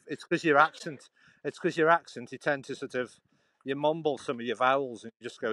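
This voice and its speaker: A man chats casually on a walking vlog, rambling and restarting his sentences as he goes. His voice sits at an ordinary middle pitch. The sound is dry and close, with little reverb. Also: brisk, pushed and bright. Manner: chatty, rambling, restarts often. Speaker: vlogger. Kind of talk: casual chat while walking. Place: outdoors in a churchyard.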